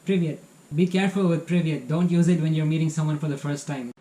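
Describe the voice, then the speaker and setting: A man hosting a beginner language lesson, cheerful and encouraging, slowing down to model each phrase. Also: fairly high pitch, steady tone, warm tone. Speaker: language teacher, channel host. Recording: echoey room, faint noise.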